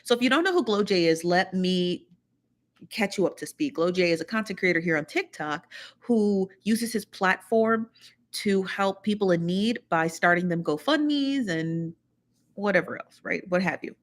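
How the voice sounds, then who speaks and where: A woman's voice: mid-range voice, animated, normal speed. A woman hosts a casual livestream, talking straight to her viewers. She chats loosely and greets each one in turn. Her voice sits in the middle of the range, picked up by a phone or webcam mic. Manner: chatty, greets viewers one by one, lots of laughs. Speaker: livestream host.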